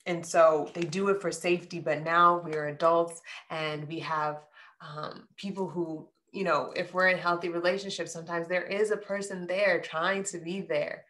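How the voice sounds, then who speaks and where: A woman giving a general tarot reading to her viewers, earnest and heartfelt, often checking in with "right?" and soft hums between thoughts. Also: lowish voice, fairly even intonation, moderate pace. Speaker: tarot reader.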